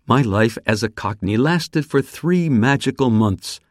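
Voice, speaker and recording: A man reads a personal essay aloud with a lively, rising and falling voice. His delivery is slow, careful and evenly measured. The recording is dry and close, with no room sound. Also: medium pitch, no room sound.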